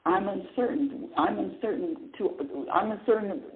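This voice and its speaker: Lively woman host on a phone-like line. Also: medium pitch, unhurried. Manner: animated, asks herself questions and answers them, chuckles often. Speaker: radio show host and spiritual teacher. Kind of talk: spiritual talk radio monologue.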